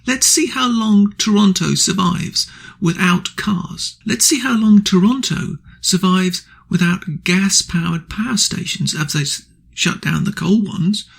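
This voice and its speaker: A man's voice: sits high, a little slow, gravelly, slightly rough. A man hosting a radio show, delivering an angry political opinion monologue full of indignant, blunt insults.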